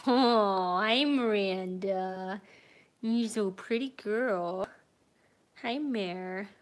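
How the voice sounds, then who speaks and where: A woman's voice: mid-range voice, very slow. A woman hosting a casual live stream from home as a cat breeder, answering viewers' comments, laughing often and cooing baby talk at her cats.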